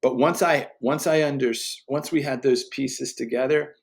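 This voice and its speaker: A guest speaker gives a conversational faith teaching, earnest and emphatic, often restarting his sentences and letting out quick laughs. His medium-pitched voice is creaky, with fairly even intonation.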